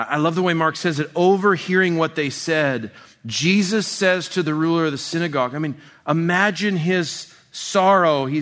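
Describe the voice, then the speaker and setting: A man preaching an expository sermon in a conversational way, full of restarts, dropping soft and slow on tender passages. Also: fairly high pitch. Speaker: pastor.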